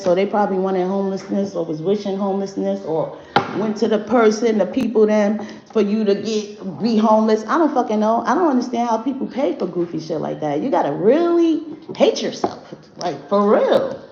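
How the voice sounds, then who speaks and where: A woman's voice: medium pitch, dark tone. Blunt, profane woman reading on a livestream. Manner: blunt and profane, talks to chat directly. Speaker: spiritual reader livestreaming to viewers. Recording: dull roomy livestream audio with faint noise.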